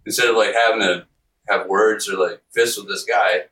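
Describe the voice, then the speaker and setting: A man's voice: lowish voice, fairly even intonation, normal speed, bright, forceful tone, roomy sound, recorded from a distance, low-quality recording. A man on a podcast telling a rambling, profane story, laughing often and acting out the quotes. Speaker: podcast guest. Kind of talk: casual storytelling.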